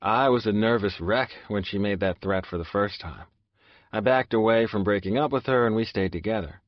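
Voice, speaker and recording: Deep-voiced man narrating an audiobook. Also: moderate pace, dry recording, muffled recording. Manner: subdued, confessional storytelling. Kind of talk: first-person audiobook narration.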